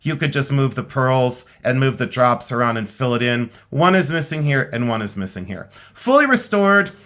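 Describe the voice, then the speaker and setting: A tired middle-aged man talks through vintage pieces in a loose, rambling way, at an ordinary mid pitch. He sounds frank and plainspoken, owning up to being worn out. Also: lively intonation, normal speed, fairly bright tone. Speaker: vintage jewelry seller. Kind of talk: casual sale preview chat.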